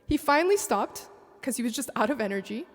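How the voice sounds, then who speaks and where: Higher-voiced woman telling a story in a church. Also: expressive, quick pace. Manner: emotional storytelling, breaks into tears. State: tearful, voice breaking. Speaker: panelist. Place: large church sanctuary. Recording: long echo of a big sanctuary.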